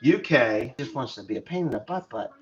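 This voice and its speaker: A man's voice: mid-range voice, animated, a little fast, soft background music. A middle-aged man from the United States, a farmer telling rambling, joking stories on his livestream. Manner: chatty, joking storyteller. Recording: dull lo-fi sound with faint noise.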